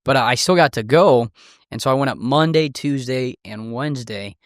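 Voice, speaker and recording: A man co-hosting a casual podcast, relaxed and agreeable, often chiming in with short replies. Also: medium pitch, normal speed, no room sound, clean studio sound. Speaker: podcast co-host. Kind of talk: casual chat.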